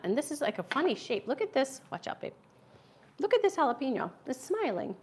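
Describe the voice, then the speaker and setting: A middle-aged American woman hosting a casual cooking livestream from her home kitchen, chatting with viewers as she chops. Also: a little high. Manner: chatty, answers viewer comments while cooking. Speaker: cooking channel host.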